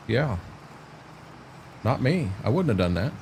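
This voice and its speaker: A man's voice: mid-range voice, big pitch swings, unhurried, a little mellow, slight background noise. A man chatting casually on a livestream while playing a farming game, rambling in a folksy way to his viewers and his dog.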